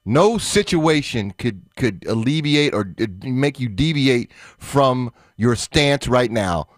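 A man's voice: mid-range voice, animated, takes it slowly, no echo, studio quality. A man co-hosting sports talk radio, needling and questioning his partner.

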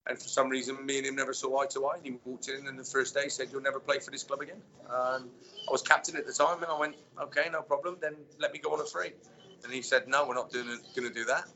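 Man, ex-footballer guest, rambling easy storyteller, bright voice, dull lo-fi sound. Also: mid-range voice, fast. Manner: relaxed storyteller, many fillers. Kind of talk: casual interview chat.

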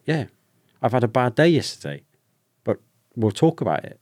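A British man, a former soldier, telling a personal story openly in a podcast conversation, with halting restarts. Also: medium pitch, sing-song, a little mellow, no echo, studio quality. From Britain. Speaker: guest, ex-soldier.

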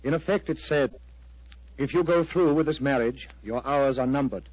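A man's voice: medium pitch, moderate pace, husky, no echo, lightly acted. A man playing an agitated earnest clergyman. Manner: earnest, pleading. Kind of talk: vintage radio drama acting. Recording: dry, dull lo-fi old radio recording.

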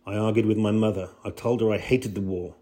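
A man's voice: fairly low pitch, fairly even intonation, brisk, mellow, lightly acted. A guy reading an impassioned russian emigre man, homesick, plain read-out quote.

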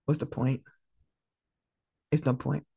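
A woman hosts her own podcast. She talks in a casual, heartfelt way and tells lively stories. The close mic sounds dry, with no room around her. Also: very deep voice, slow, vocal fry, husky, no room sound. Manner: emotional, tearful at times, animated storytelling. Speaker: podcast host. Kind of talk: casual solo podcast monologue.

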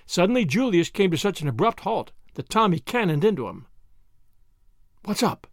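A man narrating an audiobook in an expressive storytelling manner. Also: sits high, a little fast, no echo, studio quality. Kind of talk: scripted narration.

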